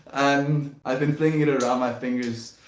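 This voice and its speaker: A man's voice: mid-range voice, slight background noise. A young man hosting a casual live stream, reading viewer comments and chatting in a laid-back way, often laughing and calling people dude and bro. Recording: echoey room.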